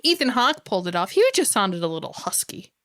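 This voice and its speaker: A woman's voice: medium pitch, big pitch swings, brisk, a bit bright, no room sound, studio quality. A woman co-hosting a film podcast in casual chat, going off on chatty tangents. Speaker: podcast co-host.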